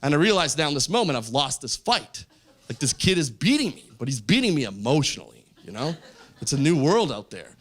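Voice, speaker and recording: A man doing stand-up storytelling on a comedy stage, acting out the voices in his stories loudly. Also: fairly high pitch, brisk. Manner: animated, acts out quoted voices loudly. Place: comedy stage with a live audience. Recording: live club show, faint crowd noise.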